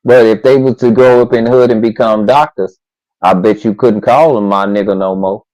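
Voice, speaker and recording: A man in a casual discussion, halting and restarting as he slowly builds his point. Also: lowish voice, fairly even intonation, a little mellow, highs cut off. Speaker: co-host.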